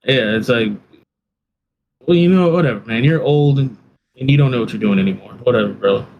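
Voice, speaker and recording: A man co-hosts a casual wrestling podcast at an ordinary middle pitch. He talks bluntly and swears often. He leans into dry, deadpan mock outrage. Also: brisk, phone-quality sound, crowd noise. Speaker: podcast co-host. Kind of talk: casual chat.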